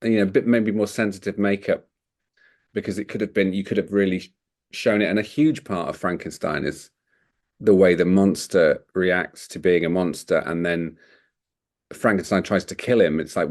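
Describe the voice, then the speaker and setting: A man's voice: deep voice, fairly even intonation, normal speed, darkish tone. A man co-hosting a podcast, chatting loosely about a film, rambling and laughing often. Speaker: podcast co-host. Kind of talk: casual film discussion.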